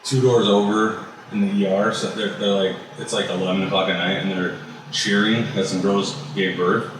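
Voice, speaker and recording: A man with a deep, low voice talks in a loose, conversational way, leaning on fillers and dropping the occasional curse. He sits back from the microphone in a strongly reverberant room, with faint background noise underneath. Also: fairly even intonation, moderate pace. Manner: loose and conversational, full of "you know" and "like", swears casually. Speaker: barbecue business owner, guest. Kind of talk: casual interview storytelling. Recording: very echoey room, voice far from mic.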